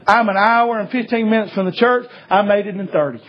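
A man preaching a sermon, telling stories fervently and rising to shouts. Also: high-pitched, fairly quick, highs cut off. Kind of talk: sermon with storytelling.

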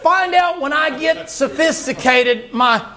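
A man preaching a folksy, animated sermon and shouting at its peaks. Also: very high voice, a little slow, a crowd in the background. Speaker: pastor.

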